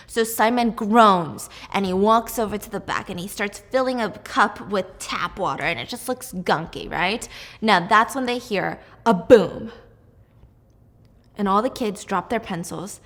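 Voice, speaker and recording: A young woman casually retelling a mystery story while baking, chatty and animated, acting out the characters' lines. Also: mid-range voice, a little slow, in a large hall. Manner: animated, chatty, acts out quotes. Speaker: storytelling baker host.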